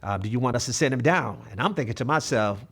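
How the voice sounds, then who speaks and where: A man's voice: mid-range voice, lively intonation, quick pace, a bit bright, slightly rough. A man in his fifties, a math coach, telling stories in an interview in an earnest way and acting out the dialogue. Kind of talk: interview storytelling.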